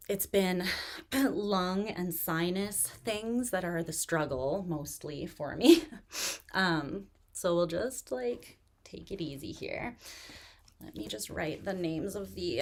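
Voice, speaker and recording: A woman hosting a tarot live stream, chatting in a relaxed, rambling way with many fillers, still recovering from pneumonia and pacing herself to catch her breath. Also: lowish voice, slow. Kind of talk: casual live-stream chat.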